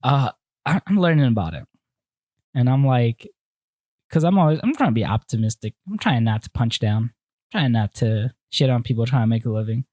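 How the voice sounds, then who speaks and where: A man's voice: mid-range voice, a little fast, no room sound, studio quality. A young man hosting a casual podcast chat, candidly telling stories and acting out what people said. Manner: candid, animated storytelling with acted-out quotes. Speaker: podcast host.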